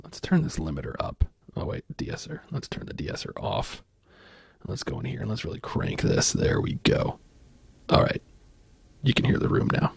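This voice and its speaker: Gravelly, husky soft-spoken man. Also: on the low side, no echo. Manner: casual, thinking aloud while clicking through software. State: sore voice. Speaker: audio tutorial host. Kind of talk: soft-spoken screen tutorial.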